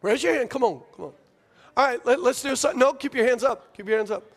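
A male pastor preaching a sermon to his congregation, talking casually, repeating phrases, asking questions, and building to near shouts. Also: very high voice, fast. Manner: rises to near shouting at climaxes, drops to hushed tones in prayer.

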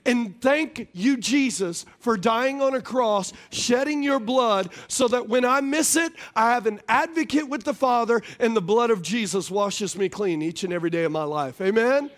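High-voiced man preaching a joking sermon. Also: normal speed, hardly any pauses. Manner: joking, laughs often. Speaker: pastor. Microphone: wireless stage mic.

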